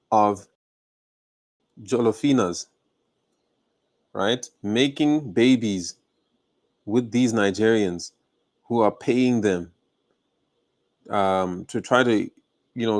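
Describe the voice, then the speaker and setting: A man with a South African accent giving heated, confrontational reaction commentary, his voice rising when he gets angry. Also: mid-range voice. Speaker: online commentator.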